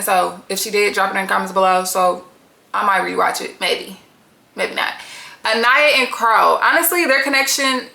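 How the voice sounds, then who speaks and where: A woman's voice: a little high, creaky, pushed and bright, echoey room. A woman giving a casual, blunt and profane recap of a reality dating show, full of slang and gossip.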